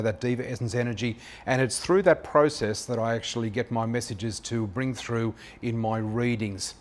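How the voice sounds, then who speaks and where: An Australian man in his fifties, a psychic flower reader telling his story in a chatty, anecdotal way with many filler pauses. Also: mid-range voice. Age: 50s. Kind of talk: personal storytelling monologue.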